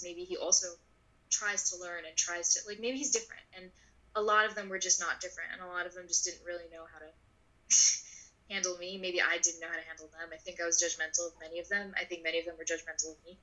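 A woman in her twenties telling a personal story in an interview, animated and full of "like", acting out the voices of people in her story. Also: fairly low pitch, poor audio. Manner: animated, acts out voices in quotes; filler-heavy, frequent "like". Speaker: guest.

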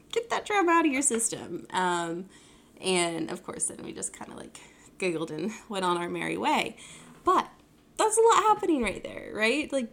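Rambling young woman with a gravelly voice. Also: mid-range voice. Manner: rambling, full of fillers and self-corrections. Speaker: podcast host. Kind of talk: casual solo podcast talk.

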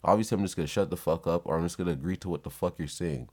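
A man's voice: low-pitched, racing, a little mellow, husky. A young man telling a blunt, profane story in a casual monologue. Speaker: vlogger.

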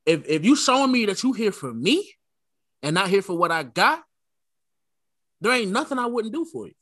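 Bright-voiced man in casual chat. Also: sits high, very animated, normal speed, dry recording, clean studio sound. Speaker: co-host.

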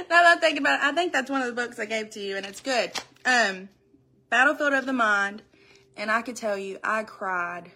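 A young woman giving an earnest, emotional church testimony, tearful and halting as she speaks. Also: mid-range voice, sharp tone.

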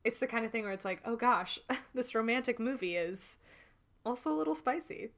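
A young woman co-hosting a casual chat about a film, animated and laughing often as she retells scenes. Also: a little high, a little fast. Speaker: podcast co-host.

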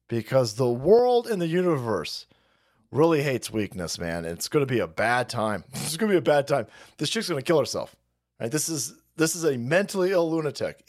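A man hosting a livestream, ranting in a crude, mocking way and often laughing. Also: fairly high pitch. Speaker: streamer host.

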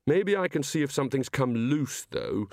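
A man's voice: mid-range voice, animated, moderate pace, dry recording, clean studio sound, close to an everyday voice. A man voicing a flustered, grumbling wizard who mumbles to himself.

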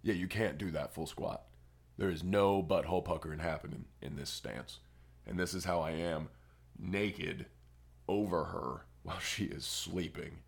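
A man's voice: low voice, normal speed, gravelly. A young man on a podcast, rambling through a crude story in casual chat. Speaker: podcast co-host.

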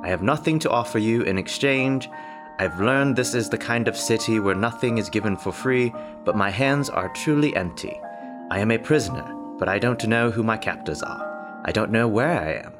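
A man's voice: lowish voice, moderate pace, over music, lightly acted. An actor playing a polite, mysterious male stranger in an audio drama, speaking in a put-on English accent with courtesy. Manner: courteous, genteel.

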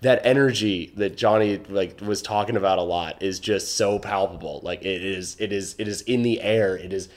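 Young American male podcast host, lowish voice, enthusiastic and rambling. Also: normal speed, few pauses. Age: young adult. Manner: excited, rambling with many restarts. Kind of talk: casual chat.

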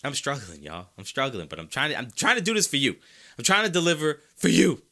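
A man's voice: medium pitch, expressive, fast, pushed and bright. A sick, congested man hosting a sports podcast, arguing his opinions emphatically and repeating his points for effect. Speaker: podcast host.

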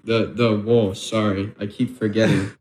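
A young man co-hosting a casual podcast, speaking in a deadpan, somewhat mumbled way on a cheap mic. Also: fairly low pitch, a little slow, slight background noise. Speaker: podcast co-host. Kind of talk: casual chat. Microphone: cheap microphone.

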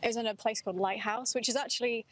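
A young woman with a slightly high voice talks in an easy, upbeat way, sprinkling her sentences with "like" and frequent little laughs. She is walking outdoors on a campus as she chats. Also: steady tone, fast talker, poor audio. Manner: chatty, upbeat, laughs often, says "like" a lot. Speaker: podcast co-host. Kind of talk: casual walking chat.

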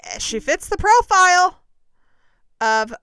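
A woman's voice: extremely high pitch, big pitch swings, slow, pushed and bright, no echo, clean studio sound. A young woman hosting a podcast, giving blunt, snarky, dramatic commentary on reality TV gossip. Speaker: podcast host.

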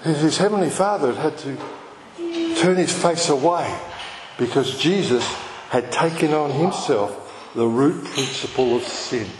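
A man's voice: on the high side, expressive, measured pace. A man, a pastor who preaches an impassioned sermon, repeating phrases for emphasis. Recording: echoey hall with background noise.

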